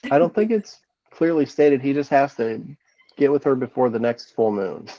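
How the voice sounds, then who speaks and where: A man co-hosts a movie-review podcast in a relaxed, easygoing way, his voice dark and mellow. He sounds genuinely keen, tossing in casual slang. The recording is dry and a little dull, like a budget mic. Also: medium pitch, moderate pace, no echo. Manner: laid-back, enthusiastic, says "dude" and "man". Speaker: podcast co-host.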